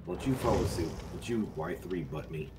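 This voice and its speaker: A man's voice: low-pitched, animated, brisk, over loud music. A man streaming a game live, bantering with chat in a crude, joking way.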